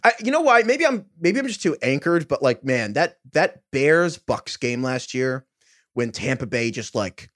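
A man co-hosting a podcast in excitable casual chat, often stammering as he restarts his sentences. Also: medium pitch, normal speed, no echo, clean studio sound. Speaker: podcast co-host.

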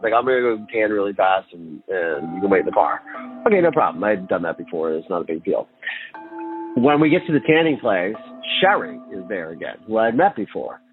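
A man recounting his childhood in a candid, halting way, with nervous laughs. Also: fairly low pitch, very animated. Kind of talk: personal testimony. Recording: tinny phone-like line with faint music.

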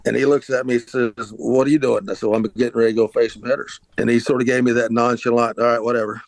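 Speaking very fast in a flat, mid-range voice, a middle-aged man hosts a podcast and spins out a long, casual story. The former pitcher rambles, restarting often and filling gaps with "uh"s and other fillers.

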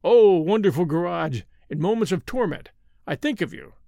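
A man's voice: high-pitched, expressive, moderate pace, gravelly, mellow, no room sound. A man voicing a weary, troubled husband close to his own reading voice.

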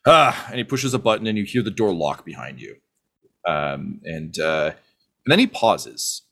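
Halting male game master. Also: low voice, very animated, vocal fry, husky. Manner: halting, many fillers. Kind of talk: narrating a tabletop game.

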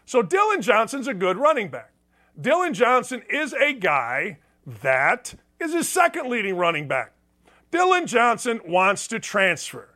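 Sports radio host, a man with a high, bright voice, blunt and sarcastic, lively delivery. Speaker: sports talk show host. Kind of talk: opinionated sports talk monologue.

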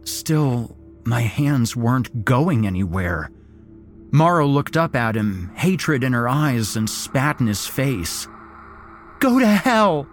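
A man's voice: mid-range voice, animated, slow, faint music behind. A man narrating a first-person horror story in a grim, dramatic way.

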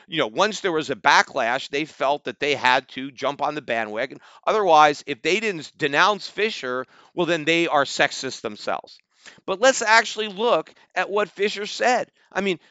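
A man's voice: a little high, smooth, no room sound, dull audio. Fired-up man ranting on a podcast. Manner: animated, mocking, rising to near-shouts when quoting critics. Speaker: podcast host. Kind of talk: opinionated commentary monologue.

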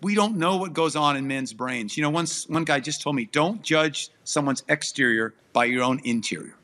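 A man's voice: on the high side, moderate pace, bright, forceful tone. A middle-aged man sharing a personal testimony as an interview guest, earnest and emphatic, his voice tearful and breaking with emotion.

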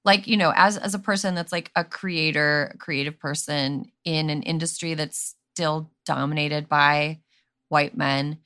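Bright-voiced chatty woman host. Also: low-pitched, fairly even intonation, a little slow. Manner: chatty, laughs easily, playful storyteller. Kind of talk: casual chat.

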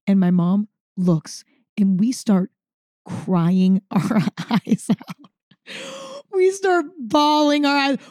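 A woman with a mid-range voice speaks slowly in a clean studio recording with no room sound. She's a podcast host telling a story in a casual, chatty, animated way, saying "like" often.

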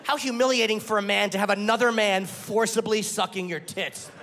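A man with a high voice performs crude, self-mocking stand-up comedy. He plays short bits in other voices. The set is caught live in a room with long reverb and clear crowd noise. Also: fairly even intonation, brisk, a bit bright. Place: comedy club stage before a laughing audience.

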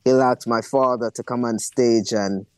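A young man, an actor and bass player, telling a story in a casual interview and acting out the people he quotes. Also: steady tone, moderate pace, darkish tone, dry recording, rough recording. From Jamaica.

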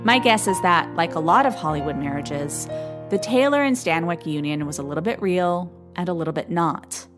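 A woman's voice: lowish voice, lively intonation, normal speed. A woman host giving a scripted narration in a wry, skeptical storytelling manner. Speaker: podcast host. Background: music.

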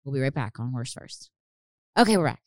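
A woman's voice: rumbling low, sing-song, a little fast, darkish tone, no room sound, clean studio sound. A woman hosting a casual podcast chat, asking questions and laughing easily. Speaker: podcast host.

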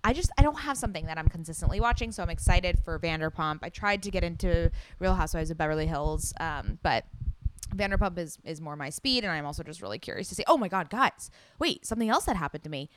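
A young woman hosting a solo podcast, chatting excitedly and gushing, with casual swearing. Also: fairly low pitch, dry recording. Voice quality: loud. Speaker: podcast host.

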